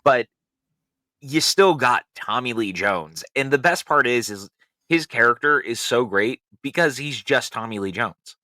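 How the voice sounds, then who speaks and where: A man's voice: mid-range voice, lively intonation, unhurried, bright, forceful tone, no echo, clean studio sound. A middle-aged man co-hosting a casual film review podcast, enthusiastic and laughing often. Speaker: podcast co-host.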